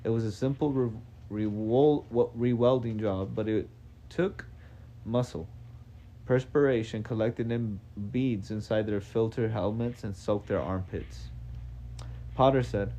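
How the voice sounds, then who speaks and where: A man's voice: fairly low pitch, measured pace, warm tone, slight background noise. A man doing a live reading of a novel, casual and unpolished, with stumbles and self-corrections. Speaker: reader.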